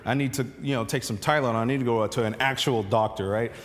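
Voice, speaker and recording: Storytelling preacher in a reverberant hall. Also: male voice, mid-range voice, fast talker. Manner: conversational storytelling preacher, many restarts and fillers. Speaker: pastor. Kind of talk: sermon.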